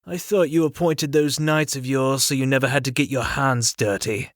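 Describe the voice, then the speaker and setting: A man voicing a gruff, cranky old uncle. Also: medium pitch, fairly even intonation, moderate pace, no echo, studio quality, natural voice. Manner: grumbling, blunt and scornful. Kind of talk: audiobook character voice.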